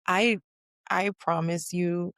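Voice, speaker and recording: A woman's voice: lowish voice, steady tone, slow, fairly bright tone, dry recording, studio quality. Outspoken woman host, emphatic. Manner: emphatic, outspoken, profane, repeats for stress. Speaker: podcast host. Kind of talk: casual chat.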